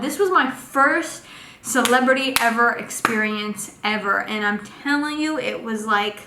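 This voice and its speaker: A young woman casually telling a personal story in a vlog, animated and full of fillers. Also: on the high side, unhurried. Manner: animated, acts out quotes with lots of fillers. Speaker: vlogger. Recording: echoey room with faint noise.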